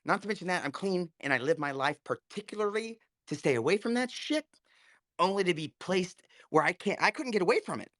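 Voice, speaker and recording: A man telling a heated story, full of swearing, in a casual live audio chat. His pitch swings widely as he gets worked up, and the sound is close and dry with no room echo. He talks over an online call. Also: expressive, a little fast, a bit bright. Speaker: guest speaker.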